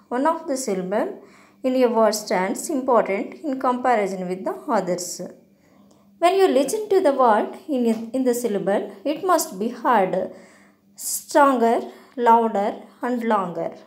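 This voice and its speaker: Woman teacher, raised pitch, unhurried slide lesson, hesitant delivery. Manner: slow, deliberate explaining with hesitant fillers. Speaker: English teacher. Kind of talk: slide-based grammar lesson.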